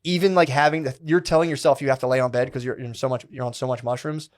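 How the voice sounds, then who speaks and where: A man in his thirties co-hosts a podcast and, in casual chat, tells a rambling, profane story, animatedly acting out what people said and voicing their inner thoughts. He has a medium-pitched voice and talks fast.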